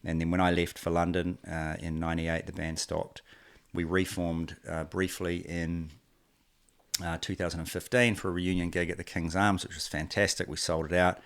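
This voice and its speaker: A man's voice: low-pitched, moderate pace. A man in his forties with a New Zealand accent, a guest telling stories casually and acting out quoted dialogue along the way. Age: 40s. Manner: relaxed, rambling, acts out quoted dialogue. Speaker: guest, company co-founder. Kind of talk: casual interview storytelling.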